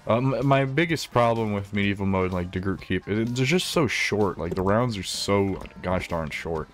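A man with a fairly low voice talks through his gameplay in a loose, rambling way. He trips over his own words and swears freely, with faint music playing underneath. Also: normal speed. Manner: rambling, profane, self-interrupting. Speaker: gaming commentator. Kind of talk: casual gameplay commentary.

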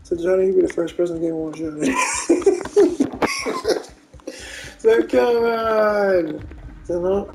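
A woman talks through her gameplay in a loose, profane, animated way, her pitch swinging widely. Her voice has a gravelly edge and she takes her time with each phrase. Clear background noise sits under the recording. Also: slow pace, pauses often. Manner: animated, profane, retells teammates' reactions with laughter. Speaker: gamer streaming gameplay. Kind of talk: casual gameplay commentary.

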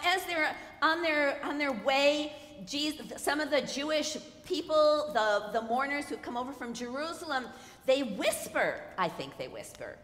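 A woman with a fairly high voice preaches a sermon as a guest speaker. She swings from soft, hushed lines to loud, emphatic ones and keeps asking the congregation questions. Her voice rings through a roomy church with a long reverb tail. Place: church sanctuary.

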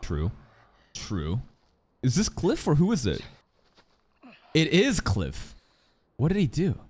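Animated, sarcastic man reacting to anime. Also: a little high, unhurried, breathy edge. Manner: animated, sarcastic, swears freely, talks to viewers. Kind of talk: casual reaction commentary.

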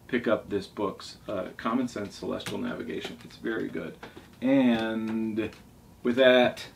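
Speaking in a lowish voice, a man who sails walks through his library's favorite books, enthusiastic and rambling, with plenty of restarts and asides. It's captured on a distant mic with a little background noise.

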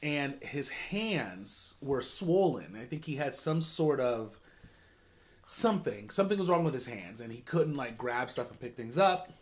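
A man's voice: medium pitch, big pitch swings, unhurried. A young adult man, a co-host, telling a casual story at home while eating on camera, rambling with lots of ums and restarts. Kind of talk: casual storytelling during a mukbang.

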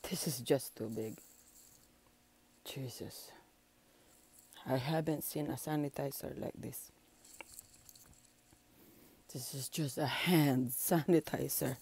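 A woman's voice: rumbling low, slow pace, pauses often, darkish tone, slightly rough. A woman vlogger chatting casually while unboxing gifts, gushing and emotional, laughing often. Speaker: channel founder.

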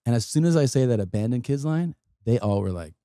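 A man's voice: mid-range voice, animated, quick pace, warm tone, no echo, studio quality. A middle-aged man, a guest comedian, telling stories in casual podcast chat, acting out other people's lines, swearing and laughing as he talks.

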